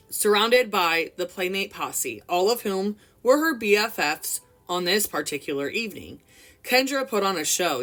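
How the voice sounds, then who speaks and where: Young woman reader, lower pitch, expressive memoir narration with chatty commentary. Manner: expressive reading, casual asides. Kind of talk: reading a memoir aloud with commentary.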